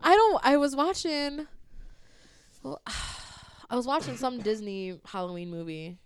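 A woman's voice: sits high, unhurried, slight background noise. A woman telling a long, profanity-laced story in casual chat, laughing often as she recounts a text exchange.

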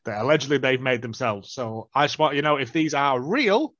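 A man's voice: medium pitch, lively intonation, fairly quick, fairly bright tone, no echo. A man co-hosting a podcast in casual chat, blunt and swearing casually. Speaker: podcast co-host. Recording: dull lo-fi recording.

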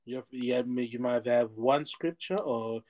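A man hosting a faith podcast, asking questions in a relaxed, slightly fumbling way. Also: mid-range voice, unhurried, lo-fi sound. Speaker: podcast host. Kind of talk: casual interview.

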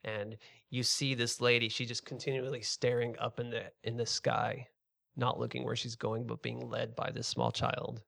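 A man narrating a tabletop game as game master, describing scenes in a relaxed second-person way. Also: mid-range voice, normal speed, vocal fry.

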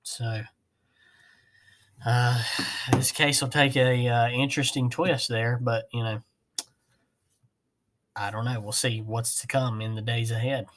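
A man's voice: medium pitch, level tone, measured pace, pauses often, fairly bright tone, a little hiss or hum. A man hosting a casual podcast, rambling and self-mocking. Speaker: podcast host.

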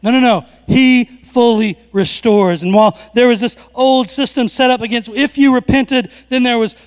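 High-voiced preacher in an echoing hall. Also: male voice, moderate pace, clean tone. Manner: animated storytelling preacher, swings from hushed to loud. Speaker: pastor. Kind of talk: sermon.

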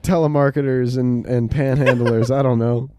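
A man's voice: mid-range voice, fairly even intonation, normal speed, dark tone, a little hiss or hum. A young man hosting a podcast in casual chat, telling stories animatedly, acting out quotes and laughing often. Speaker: podcast host.

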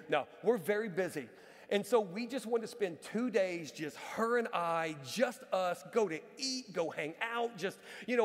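High-voiced joking middle-aged pastor, echoing hall. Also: male voice. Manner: lively, joking, conversational preaching. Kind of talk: sermon with personal stories. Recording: reverberant hall.

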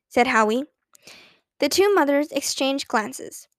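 High-voiced woman narrating a children's story. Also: unhurried, no room sound. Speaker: audiobook narrator.

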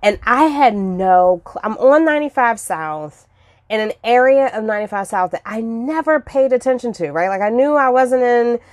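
Chatty expressive woman telling stories, dry. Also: on the high side, moderate pace, no room sound. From Washington, D.C. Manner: expressive, acts out her own past reactions; chatty, with frequent fillers and asides. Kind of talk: casual personal storytelling.

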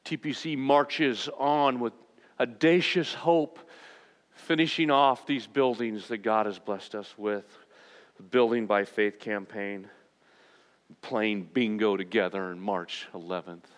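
A man's voice: lowish voice, steady tone, slow pace. A male pastor preaching a sermon, emphatic and at times impassioned. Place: church sanctuary. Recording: long hall reverb in a church sanctuary.

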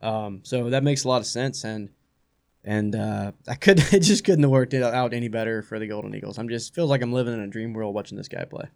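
A man's voice: on the low side, fairly quick, gravelly, a little mellow. A man talking casually as a guest on a sports talk show, chatty and often restarting his sentences. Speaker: guest baseball analyst.

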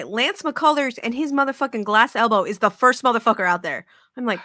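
Woman, podcast host, bright forceful voice, dry close sound, profane casual chat. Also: fairly high pitch, normal speed, no room sound. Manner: profane, animated, acts out quotes.

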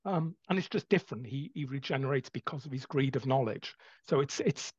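A man with a husky, breathy voice argues enthusiastically through his reasons one by one. His mic sounds dull and lo-fi, with a very dry room. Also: mid-range voice, fairly quick, no echo. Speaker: podcast host. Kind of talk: casual panel discussion.

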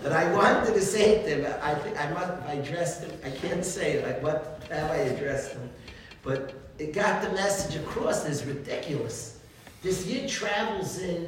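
High-voiced man telling stories. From United States. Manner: animated storytelling, chuckles often. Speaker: rabbi teaching a class. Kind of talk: informal religious talk with stories. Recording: very echoey room, distant mic, faint noise.

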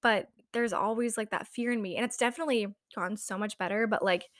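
A woman's voice: mid-range voice, fairly even intonation, quick pace, no echo. Young woman rambling at home, lots of "like"s, dry close mic. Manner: rambling, many "like" fillers, laughs often. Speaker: vlogger. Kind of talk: casual confessional chat.

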